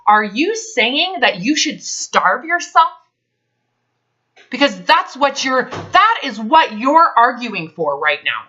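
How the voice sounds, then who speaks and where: A woman's voice: on the high side, big pitch swings, takes it slowly, pushed and bright. A woman health advisor in a counseling session, talking bluntly and emphatically, swearing freely. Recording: dull lo-fi recording.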